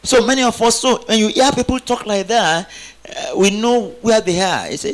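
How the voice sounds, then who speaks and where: A man's voice: sits high, animated, moderate pace, fairly bright tone. A man preaching a sermon, calling on the congregation to answer back and rising into emphatic exclamations. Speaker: pastor.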